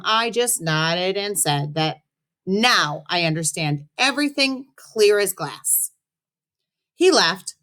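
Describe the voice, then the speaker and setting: A woman teacher reads a children's novel aloud for her class with a slightly low voice. Her delivery is expressive and friendly. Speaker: teacher reading aloud to students. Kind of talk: read-aloud storytelling.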